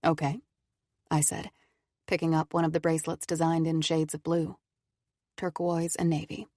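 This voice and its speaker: A woman narrating an audiobook in an even, measured way. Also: low-pitched, no room sound, studio quality. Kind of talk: scripted narration.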